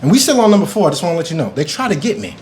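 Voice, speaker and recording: A man's voice: fairly high pitch, very animated, rapid-fire, a little mellow, slight background noise. A young man reviewing a series in a casual vlog, swearing and acting out his own reactions.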